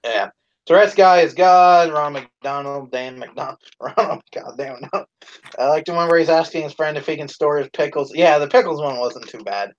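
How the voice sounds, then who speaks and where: At a moderate pace, a somewhat high-voiced man talks casually on a live stream, full of profanity and frequent laughter. Whenever he quotes a line he belts it out loudly, all on dull, low-fidelity audio.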